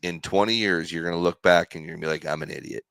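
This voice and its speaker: Deep-voiced man telling stories. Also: fast talker, clear, resonant tone, no echo. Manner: animated, jokey, self-deprecating storyteller. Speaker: guest, former pitcher. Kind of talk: casual storytelling chat.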